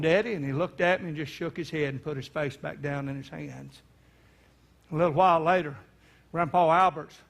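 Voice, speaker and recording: A man preaching, telling a family story in folksy speech and acting out the voices of the people in it. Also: a little high. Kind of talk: sermon storytelling.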